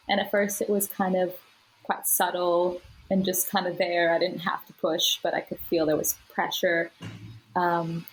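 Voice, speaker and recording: A woman's voice: on the low side, a little hiss or hum, low-quality recording. A woman guest on a podcast, telling her birth story in a casual, chatty way with plenty of fillers and laughs.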